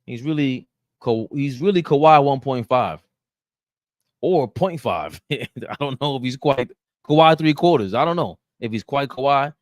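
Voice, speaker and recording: A man's voice: mid-range voice, lively intonation, moderate pace, dry recording, studio quality. A man hosting a casual live-stream sports talk show, reading chat comments aloud and ranting and bantering with the chat, with laughs between points.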